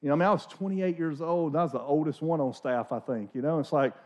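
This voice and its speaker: A man in his forties preaching a sermon as a pastor, telling stories in an animated, conversational way with many restarts. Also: on the high side, quick pace. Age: 40s. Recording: dull lo-fi recording.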